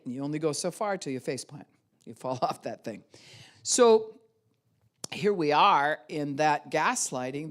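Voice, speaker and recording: A woman pastor preaching in a loose, conversational sermon. She keeps breaking into quick high-pitched voices to play both people in a quarrel, then drops back to her lower speaking tone. Laughter slips into her lines as she goes. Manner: acts out both sides of arguments with sudden high-pitched quoted voices; laughs often while preaching.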